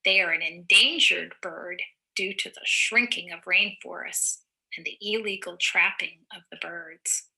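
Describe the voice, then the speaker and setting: A woman with a low-ish voice reads a picture book aloud to young children, using a slow, encouraging teacher's manner. Her tone is very bright and forward, threaded with gravelly fry. Now and then she pauses to explain words simply.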